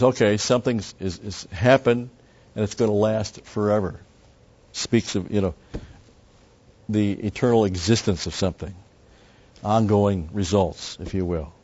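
A man's voice: fairly low pitch, darkish tone. A man teaching through a Bible passage verse by verse, in a conversational way that explains each word and adds asides. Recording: dull lo-fi sound.

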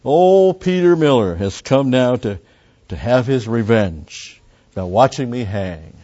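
A man's voice: medium pitch, lively intonation, slow, warm tone. A man voicing a frightened, bitter condemned man in a retold story, with an anxious, raised delivery over a slightly muffled recording. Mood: fearful.

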